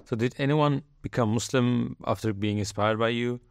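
A man interviewing a guest, asking brief measured questions. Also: mid-range voice, creaky, a little hiss or hum.

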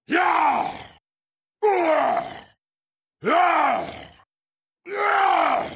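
A man's voice: a little high, a bit bright, no echo, clean studio sound, exaggerated voice. An actor playing a huge green male brute full of rage, roaring in blunt, broken third-person speech for video game voice lines. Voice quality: gravelly roaring voice.

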